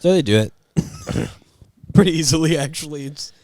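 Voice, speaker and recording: A man's voice: a little high, moderate pace, no room sound. A man co-hosting a casual movie review chat, animatedly retelling scenes. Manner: animated retelling, acts out quotes. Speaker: podcast co-host.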